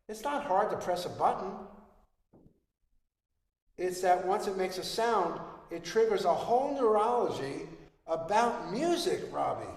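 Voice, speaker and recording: Male music teacher, high voice, direct playful coaching, roomy recording with a long reverb tail. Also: a little mellow. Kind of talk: webinar coaching. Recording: echoey room with long reverb.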